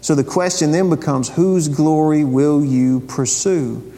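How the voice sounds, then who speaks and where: A man delivers a conversational sermon, leaning on repeated phrases and rhetorical questions. His voice sits a little high for a man. A long reverb trails each phrase, like a large church sanctuary. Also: steady tone, measured pace, warm tone. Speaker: pastor.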